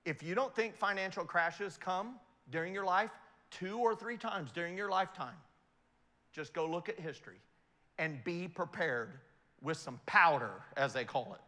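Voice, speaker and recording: Middle-aged male speaker, animated storyteller, high ringing voice, keeps checking in with the crowd. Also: moderate pace, long reverb tail. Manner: animated storyteller, asks the audience questions. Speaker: investment speaker. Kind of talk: motivational talk to an audience.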